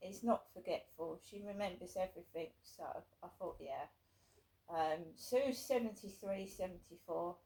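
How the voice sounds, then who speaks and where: Woman vlogger, chatty and rambling, gravelly edge to the voice. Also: mid-range voice, a little mellow, rough recording. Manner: rambling, many restarts and fillers. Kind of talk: casual talking to camera.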